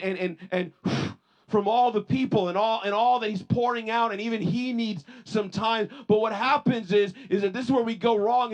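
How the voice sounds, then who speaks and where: Guy pastor preaching, kinda high voice, stumbles over "and, and" a lot, tells stories. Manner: storytelling, many repeated "and, and" restarts; rises in pitch and force on points of emphasis. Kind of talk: sermon.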